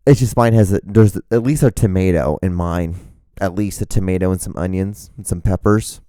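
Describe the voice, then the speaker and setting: Rambling, mellow-voiced man hosting a podcast. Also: sits low, moderate pace, clean tone, no echo, studio quality. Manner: rambling, profane, self-mocking. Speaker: podcast host. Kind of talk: casual solo podcast chat. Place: indoors, rain outside. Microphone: microphone, host wearing earphones.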